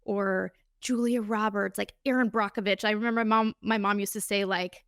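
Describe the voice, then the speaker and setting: A woman in her thirties talks alone into a close podcast mic, earnest and candid and ready to show her feelings. Her voice sits at an ordinary middle pitch. The room adds no echo, so the sound is dry and close. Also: fairly even intonation, normal speed, a bit bright, clean tone. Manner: earnest, candid, openly emotional storytelling. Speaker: podcast host. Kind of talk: solo podcast monologue.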